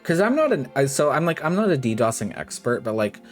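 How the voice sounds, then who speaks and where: A man's voice: medium pitch, sing-song, fast talker, faint music behind. A man streaming a game live, chatting casually and sarcastically, swearing freely and reading game dialogue aloud.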